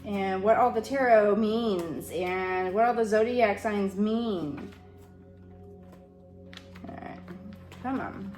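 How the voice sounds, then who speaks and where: Slow-talking woman reading tarot cards. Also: medium pitch. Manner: frank, swears freely, thinks aloud while searching. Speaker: tarot reader. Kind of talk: casual intuitive tarot reading. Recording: roomy echo with soft music behind.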